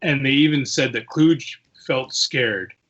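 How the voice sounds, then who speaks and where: Low-key man on a dull line. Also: unhurried, a bit bright. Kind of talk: casual book discussion.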